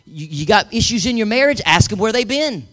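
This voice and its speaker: A man's voice: sits high, animated, a little fast, fairly bright tone. A middle-aged male pastor preaching a sermon, emphatic and calling on the congregation to repeat after him. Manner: emphatic, calls for congregation responses.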